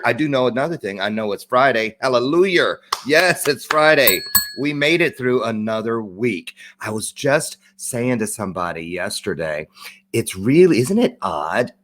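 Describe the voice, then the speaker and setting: A man's voice: lowish voice, fairly bright tone. A man hosting a live-streamed talk show, chatting in an upbeat, rambling way with lots of asides. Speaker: host.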